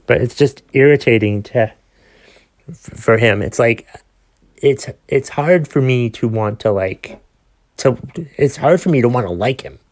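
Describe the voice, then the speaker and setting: A man's voice: mid-range voice, measured pace, long pauses. A man hosting his own podcast, ranting with exasperated sighs, swearing and many restarts. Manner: exasperated, profane, sighing rant with restarts. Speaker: podcast host.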